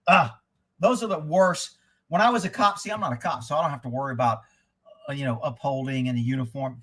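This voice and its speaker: Middle-aged guy ranting on his livestream, cussing a lot, high bright voice. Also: moderate pace, long pauses, slightly rough. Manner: profane, heated ranting; reads news headlines then reacts. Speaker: livestream host. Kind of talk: live stream commentary.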